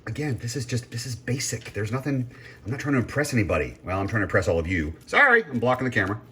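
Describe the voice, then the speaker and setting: Fast-talking and very animated, this home cooking vlogger rambles through casual commentary, breaking off his own sentences and leaning on ums and uhs. His medium-pitched voice sounds bright and forceful.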